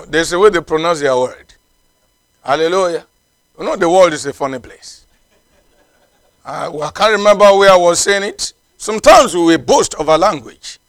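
A man's voice: fairly high pitch, fairly bright tone, dry recording. A man preaching a sermon in a non-native English, emphatic and repetitive, with frequent exclamations of praise. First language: not English.

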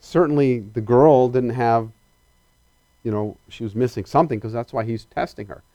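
A male preacher delivering a sermon, animated and emphatic, questioning his congregation directly and swinging between loud excitement and quiet earnestness. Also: mid-range voice, normal speed, no echo.

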